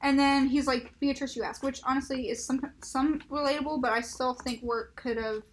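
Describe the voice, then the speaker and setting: Woman rambling casually on a podcast, high-pitched and bright, faint noise behind. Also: steady tone, moderate pace. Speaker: podcast co-host. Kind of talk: casual chat.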